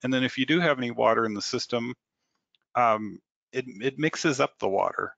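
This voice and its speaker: A man's voice: mid-range voice, normal speed, vocal fry, a bit bright, no echo. A man presenting in a technical webinar, explaining in detail and repeating words as he thinks. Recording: slightly dull dry audio.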